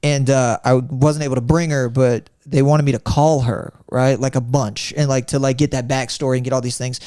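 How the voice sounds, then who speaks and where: A man from Florida, a comedian telling animated stories in a casual podcast chat, swearing freely and acting out voices. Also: medium pitch, moderate pace, smooth, no echo, studio quality. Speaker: comedian guest.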